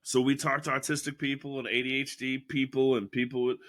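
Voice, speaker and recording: A man's voice: mid-range voice, a little fast. A man guest on a casual podcast, telling stories with lots of swearing, acting out quotes and laughing as he talks. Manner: animated, profane storyteller acting out quotes; laughs often mid-sentence.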